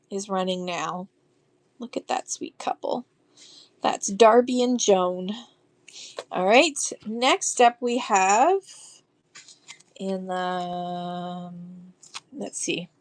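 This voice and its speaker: A woman selling vintage postcards on a live stream, gushing over each card and reading verses aloud in a chatty way. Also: on the high side. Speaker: live online auction seller.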